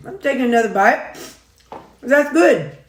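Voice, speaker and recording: A woman's voice: on the high side, animated, a little slow. A woman, chatting casually as a food vlogger while she eats, in a folksy, rambling way with frequent chuckles. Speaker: food and weight-loss vlogger. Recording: echoey room.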